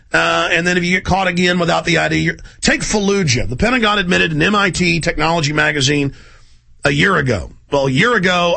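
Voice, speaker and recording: A middle-aged man hosting a radio talk show, ranting intensely and rapidly in a conspiratorial tone. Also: on the high side, gravelly, pushed and bright.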